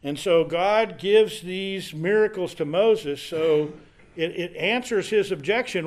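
High-voiced man teaching a Bible study. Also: takes it slowly. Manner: conversational, reads scripture then explains it aloud. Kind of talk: casual Bible study lesson.

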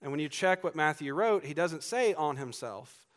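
An earnest man preaching a verse-by-verse sermon, his voice pitched a little high for a man. A faint Southern accent from Georgia still colors his words. He presses hard on repeated lines and breaks off for asides to the congregation. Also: lively intonation, moderate pace. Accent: Southern US, faded. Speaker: pastor. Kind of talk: expository sermon.

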